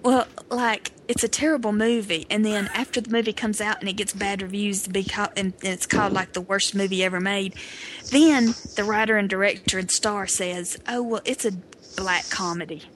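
A woman's voice: medium pitch, steady tone, normal speed. A woman co-hosting a podcast who chats casually and reads background facts aloud. She has a mid-range voice and sounds informative. A faint hiss sits under her voice. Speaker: podcast co-host. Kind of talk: casual chat and reading aloud.

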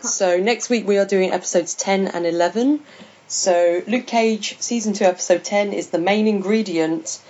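A woman's voice: mid-range voice, moderate pace, darkish tone, lo-fi sound. A woman hosting a podcast, chatting casually and laughing often. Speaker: podcast host. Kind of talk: casual chat.

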